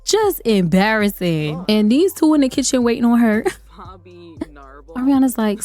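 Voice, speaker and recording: A woman's voice: on the high side, big pitch swings, moderate pace, long pauses, darkish tone, faint music behind. Chatty, laughing woman narrating gameplay. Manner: chatty, laughs often, playful teasing. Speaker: let's play host. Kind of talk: gameplay commentary.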